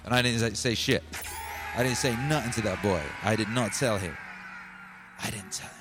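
A man hosting a livestream, telling a rambling comic story in an animated, slangy way and often calling listeners "baby". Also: on the low side, normal speed, music in the background. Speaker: livestream music host.

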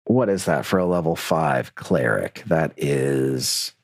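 A man's voice: rumbling low, lively intonation, takes it slowly, breathy edge, no room sound. A man acting as game master, narrating combat and rules in a playful, teasing way. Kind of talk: running a tabletop game.

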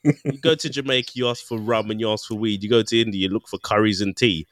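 A man's voice: lowish voice, quick pace, dry recording. A man co-hosting a podcast, chatting casually with a joking manner and a blocked nose. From England. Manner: joking, animated, laughs a lot. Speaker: podcast co-host. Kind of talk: casual chat.

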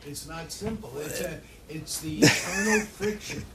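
A man taking part in a class discussion, jumping in eagerly to argue his point. His voice sits a little high, and other people chatter around him. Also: measured pace, rough recording. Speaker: class participant. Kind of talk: group discussion.

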